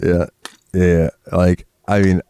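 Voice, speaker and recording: A man's voice: deep voice, little pitch movement, takes it slowly, mellow, clean tone, no room sound, studio quality. A sick man from Florida, co-hosting a podcast in casual chat, rambling, swearing freely and getting worked up when he rants. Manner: profane, rambling, gets worked up ranting. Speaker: podcast co-host.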